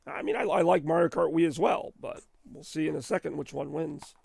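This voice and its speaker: A hoarse man with a sore throat, hosting a retro gaming stream in rambling, chatty commentary. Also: a little high, fairly even intonation, brisk, darkish tone, dry recording, studio quality. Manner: rambling, chatty, self-deprecating. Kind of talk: casual live-stream commentary. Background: faint game music.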